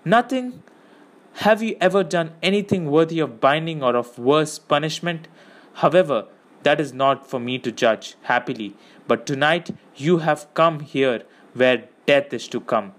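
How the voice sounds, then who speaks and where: A man's voice: on the high side, unhurried, pitched above the performer's own voice, natural voice. A man reading an audiobook, voicing a stern young male captain who speaks formally and solemnly.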